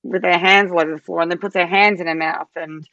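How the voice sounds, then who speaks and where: A woman, a podcast guest, chatting casually and telling animated stories, jumping into a much higher voice when she quotes herself. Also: fast talker, gravelly, no echo, highs cut off. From Australia. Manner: animated storytelling, acts out her own quoted lines in a much higher voice. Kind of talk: casual interview chat.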